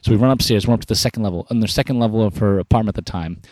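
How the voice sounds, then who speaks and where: A man's voice: fairly low pitch, racing, a little mellow, no room sound. A young adult man telling stories with energy in a casual interview, acting out quoted dialogue. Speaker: podcast guest, founder of an inspiration business.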